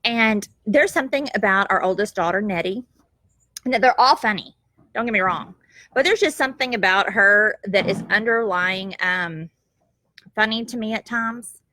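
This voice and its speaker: A middle-aged woman telling a family story on camera at home, lively and quick to laugh, with homespun phrasing. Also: mid-range voice, no room sound. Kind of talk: casual storytelling. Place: at home, goats nearby.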